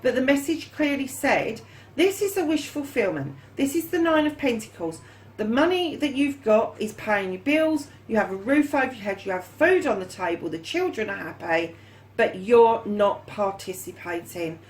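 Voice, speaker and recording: A woman's voice: sits high, very animated, moderate pace, poor audio. A woman giving a casual tarot reading, chatty and fond, calling her viewers darlings and lovelies and swearing now and then. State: hot and yawning. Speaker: tarot reader.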